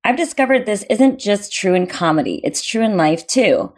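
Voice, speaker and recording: A woman co-host reading a book chapter aloud in a steady way. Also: medium pitch, moderate pace.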